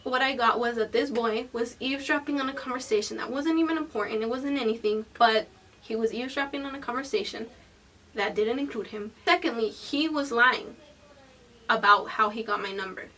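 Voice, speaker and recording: Woman, 20s, high-pitched, slightly off-mic, blunt and expressive storytime narration. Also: a little fast, distant mic. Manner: animated, profane, candid storytelling; swings between loud bursts and hushed whispered asides. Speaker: vlogger. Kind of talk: storytime vlog.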